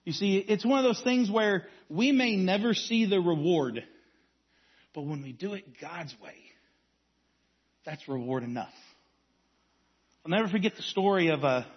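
A man with a high, husky voice preaches a sermon, weaving in stories. He swings from strong emphasis down to hushed, quiet lines. The recording sounds a little dull and lo-fi. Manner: storytelling preacher, varies volume from strong to hushed. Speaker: youth pastor.

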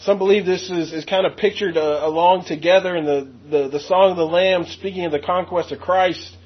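A man preaching a verse-by-verse sermon, stressing key words and slowing down to read scripture aloud. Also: high-pitched, fairly even intonation, slightly rough, muffled recording. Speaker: pastor.

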